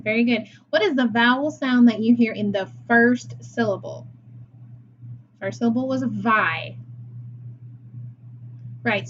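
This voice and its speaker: A woman's voice: on the high side, lo-fi sound, a little hiss or hum. A woman teacher leading a phonics lesson for young children, patient and praising as she sounds words out.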